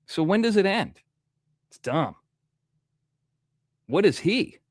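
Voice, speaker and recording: A man's voice: high voice, very animated, slow, no room sound. A man hosting a casual livestream, rambling as he reads out viewer donations while nursing a toothache. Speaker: livestream host.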